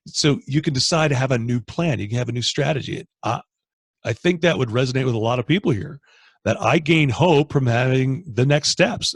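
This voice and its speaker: A man's voice: medium pitch, no room sound. A man from Canada hosting a training video call, coaching with energy and acting out inner thoughts. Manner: energetic, animated, acts out inner dialogue. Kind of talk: motivational coaching talk.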